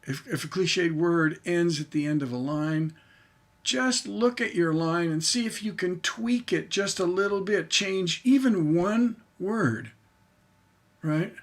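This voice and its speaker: A man's voice: sits high, takes it slowly. A man teaching songwriting on a livestream, talking to himself as he works and chanting rhythms aloud to show his point.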